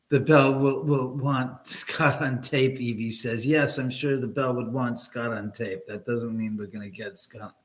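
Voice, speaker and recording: A man's voice: mid-range voice, steady tone, unhurried, hardly any pauses, poor audio. A man talking casually into a computer mic at home during a live stream. He chats along with viewers, reads their comments aloud and answers them as he goes. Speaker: livestream host. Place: at home, his own house.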